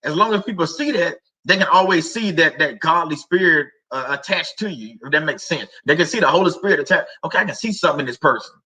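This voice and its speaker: A man's voice: a little high, expressive, fast talker, few pauses, sharp tone, rough recording. A middle-aged man hosting a casual faith talk stream, rambling and conversational with many fillers and restarts. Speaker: livestream host.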